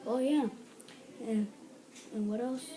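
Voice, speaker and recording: A woman's voice: fairly high pitch, steady tone, takes it slowly, mellow, slight background noise, poor audio. A woman giving a casual spoken movie review, rambling through the story with lots of "like" and acting out lines in other voices. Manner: rambling retelling full of "like", acting out quotes.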